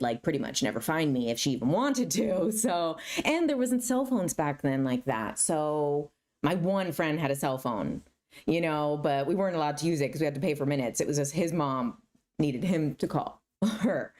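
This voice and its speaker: A woman in her thirties, a YouTuber telling stories casually to camera and acting out other people's lines. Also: low-pitched. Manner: animated, acts out her mom's voice mid-story.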